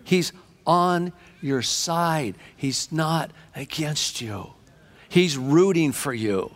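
A man preaching a sermon with fervent energy, telling stories and shifting between quick and drawn-out phrases. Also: fairly high pitch.

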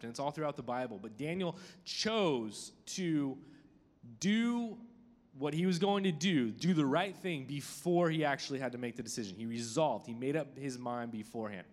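A man's voice: medium pitch, moderate pace. A man in his thirties preaching to a group, telling a personal story in a chatty, self-deprecating way with many fillers. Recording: long hall reverb.

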